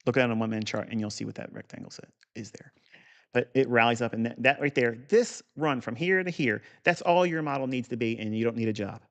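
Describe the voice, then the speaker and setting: Man, gravelly voice, mid pitch, blunt and profane, rambling live trading lesson, repeats himself for emphasis. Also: fast, a bit bright. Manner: blunt, profane, digressive, talks to the viewer directly; repeats key points for emphasis. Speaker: trading educator. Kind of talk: live market review lesson.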